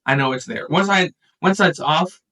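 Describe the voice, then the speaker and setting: A man in a casual podcast chat, telling a family story with lively acted-out quotes. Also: on the high side, normal speed, distant mic, poor audio. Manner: animated storyteller, acts out quotes.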